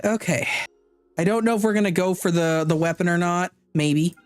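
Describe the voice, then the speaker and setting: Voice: mid-range voice, moderate pace, no room sound, soft background music. A streamer giving casual live commentary on a game, chatty and thinking aloud, sometimes stumbling over unfamiliar names.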